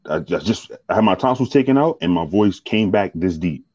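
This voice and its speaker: A man with a very deep voice, joking and laughing loudly in a casual chat. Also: animated, fairly quick, no echo. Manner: boisterous, laughing banter. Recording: dry, dull lo-fi sound.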